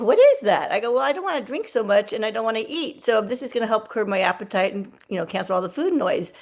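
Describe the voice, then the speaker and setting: A woman on a video call, casually telling a story and acting out the dialogue. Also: on the high side. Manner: chatty, acts out quoted dialogue. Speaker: team member sharing a story.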